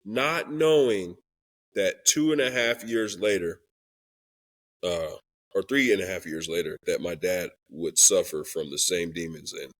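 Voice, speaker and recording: Speaking low and at a measured pace, this young Christian rapper, a guest on a podcast, recounts something personal in a candid exchange. His tone is fairly bright, and he earnestly and emotionally performs the quoted lines of others in the story.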